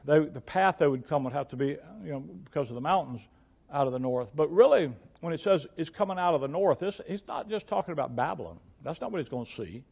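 Older male pastor, slightly high voice, conversational Bible teacher who stumbles and repeats words mid-thought. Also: animated, fast, creaky, a little mellow, breathy edge. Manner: repeats and restarts words, reads scripture aloud in King James wording.

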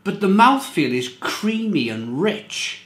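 A man's voice: sits high, big pitch swings, slow pace, fairly bright tone, reverberant. A man reviewing beer in a casual, rambling monologue, often repeating himself and stressing his points.

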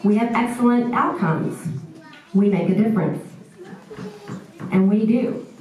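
A woman's voice: a little high, a little mellow, slight background noise. A woman doctor giving an earnest, somewhat self-deprecating speech at an event. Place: large indoor event room. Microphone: far camera. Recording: echoey room from far off.

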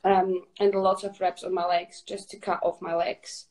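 A woman's voice: lowish voice, flat delivery, normal speed, darkish tone, rough recording. A woman from Poland with a Polish accent, chatting casually as a guest ambassador on a live video call. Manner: chatty, laughs often.

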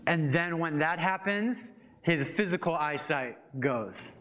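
A young man preaching a casual, animated sermon, reading scripture and adding chatty asides. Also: a little high, takes it slowly. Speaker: pastor.

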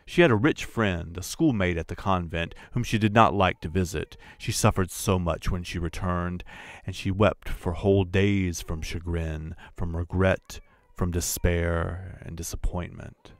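A man narrating a classic short story as an audiobook in a measured, deliberate way. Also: deep voice, steady tone, no echo. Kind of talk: scripted literary narration.

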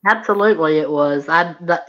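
Low-voiced woman on dull lo-fi audio. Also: a little fast, fairly bright tone. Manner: agreeable, hesitant, restarts a lot. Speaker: co-host. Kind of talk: casual chat.

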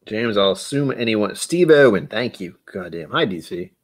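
A man's voice: lowish voice, animated, moderate pace. A man hosting a whiskey tasting stream, rambling and joking as he talks to his chat. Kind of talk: casual live-stream chat.

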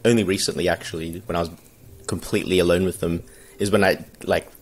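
A man's voice: sits low, fairly even intonation, quick pace. A man co-hosting a casual podcast chat, rambling loosely and laughing through his own stories. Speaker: podcast co-host.

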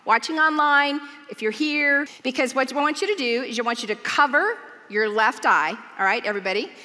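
A woman's voice: high voice, a little fast, bright, forceful tone. A woman giving a sermon in a church, telling stories with humor and earnest conviction. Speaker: church speaker. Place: large church auditorium. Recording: long hall reverb from a church.

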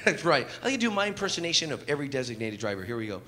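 A man performing a stand-up comedy set with rapid impressions and sudden voice shifts, on a club stage. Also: medium pitch, very animated. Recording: roomy club mic with loud crowd laughter.

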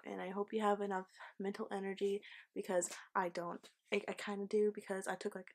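Chatty young woman telling a vlog story. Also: mid-range voice. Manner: chatty, swears, full of fillers and laughs. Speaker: vlogger.

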